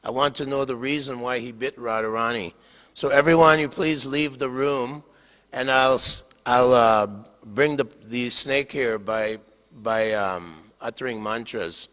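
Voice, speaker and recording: An older man voicing Krishna disguised as a female doctor, giving calm, authoritative instructions. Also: mid-range voice, unhurried, smooth, close to an everyday voice. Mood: commanding. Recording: long hall reverb.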